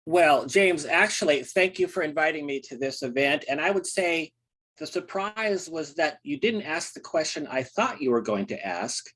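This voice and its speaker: A man in his sixties from the United States, a poet talking earnestly and haltingly about his poem. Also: a little high, expressive, fairly bright tone. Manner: earnest, halting, many fillers.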